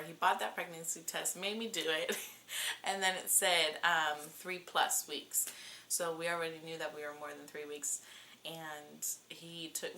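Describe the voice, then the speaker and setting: Bright-voiced young woman vlogger chatting. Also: lowish voice, a little hiss or hum. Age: 20s. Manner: chatty, lively, many fillers. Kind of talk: casual storytelling.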